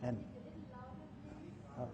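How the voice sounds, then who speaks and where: A man's voice: drawn-out words, mellow. A man speaking at a conference, telling a personal story in a folksy way and acting out the dialogue as he goes. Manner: folksy, acts out quoted dialogue. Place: conference hall. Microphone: microphone at a podium or in hand. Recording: echoey hall, faint noise, low-quality 2009 recording.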